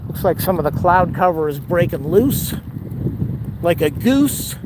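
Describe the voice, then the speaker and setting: A man vlogs while walking outdoors near an airport, holding the camera as he goes, out of breath and overheated, rambling casually and exclaiming often over street noise. His voice sits high with lively intonation, at an unhurried pace.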